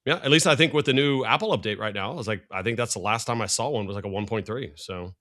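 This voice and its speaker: A middle-aged man, a sports analyst guest, talking fast and rambling in casual podcast chat. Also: lowish voice, sharp tone.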